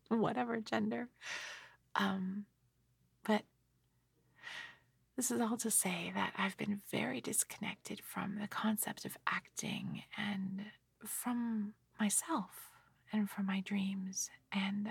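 A tired middle-aged woman rambles in a whispered ASMR style, soft and gently self-mocking. Her whisper is airy and husky with a gravelly edge. She takes her time, and she sits close to a dry microphone. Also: mid-range voice, no room sound. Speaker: ASMR creator.

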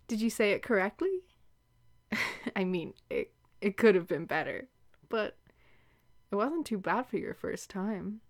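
Slow, teasing Irish woman. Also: mid-range voice, lively intonation. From Ireland. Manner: teasing, playful, slow and breathy with soft whispers. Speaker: audio role-play performer. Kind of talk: flirtatious audio role-play.

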